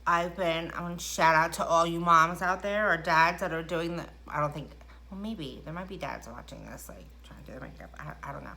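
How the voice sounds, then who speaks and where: A woman's voice: sits low, a little fast, vocal fry, sharp tone. A middle-aged woman chatting casually through a makeup tutorial at home, rambling and self-deprecating. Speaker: makeup vlogger. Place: indoors at home.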